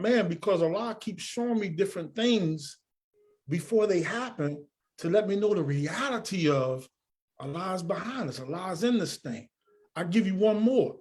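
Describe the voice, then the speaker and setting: Man, podcast guest, higher voice, earnest storyteller who acts out dialogue. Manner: earnest, animated storyteller acting out quoted dialogue. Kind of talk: storytelling in an interview.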